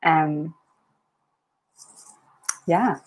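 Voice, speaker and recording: Chatty Scottish woman, low voice. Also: very slow. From Aberdeen, Scotland. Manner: chatty, rambling, with frequent ums and likes. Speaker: writing livestream host. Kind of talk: casual live-stream chat.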